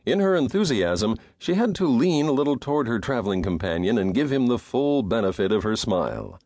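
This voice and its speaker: A man narrating a western audiobook in a measured, expressive storytelling manner, close to a studio mic. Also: mid-range voice, no echo. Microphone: studio microphone.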